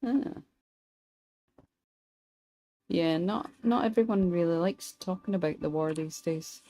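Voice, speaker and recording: Young Scottish woman, streamer, dark warm voice, chatty and dry. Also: on the low side, rough recording. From Scotland. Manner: chatty and wry, pausing mid-thought. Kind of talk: casual gameplay commentary, chatting with viewers.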